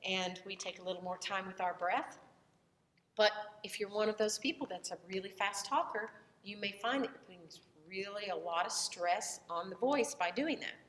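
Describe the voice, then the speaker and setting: A woman with a Southern American accent, a voice teacher lecturing in a relaxed, conversational way with frequent fillers and restarts. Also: mid-range voice, moderate pace, slight background noise. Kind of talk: recorded lecture. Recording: echoey room, voice from far off the mic.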